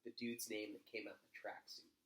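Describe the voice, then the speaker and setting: A man co-hosting a casual wrestling podcast, joking and swearing in excitable banter. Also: lowish voice, fairly quick, roomy sound, a crowd in the background. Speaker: podcast co-host. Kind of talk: casual chat about wrestling.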